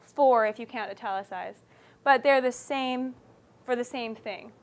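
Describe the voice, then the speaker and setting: High-pitched female teacher, animated classroom delivery, keeps checking in with her students. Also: unhurried. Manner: animated, checks understanding often. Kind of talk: classroom writing lesson.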